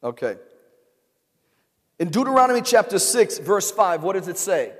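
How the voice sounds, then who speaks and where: A man's voice: sits high, big pitch swings, moderate pace. A man preaching a sermon as pastor, calling out questions for the congregation to answer. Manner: call-and-response preaching, repeated rhetorical questions to the congregation. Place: large church sanctuary. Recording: long reverb of a large hall.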